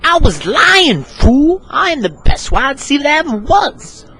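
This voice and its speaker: A man's voice: very high-pitched, big pitch swings, unhurried, bright, forceful tone, a little hiss or hum, pitched above the performer's own voice, heavily acted. A man voicing a boastful young football wide receiver in a homemade comedy sketch. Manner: boastful, taunting. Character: cocky young male star wide receiver.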